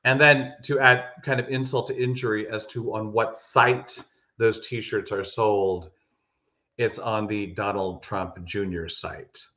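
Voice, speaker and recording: A man co-hosting a podcast in casual chat, telling stories with animated emphasis and frequent restarts. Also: lowish voice, slow pace. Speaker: podcast co-host. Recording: echoey room, dull lo-fi sound.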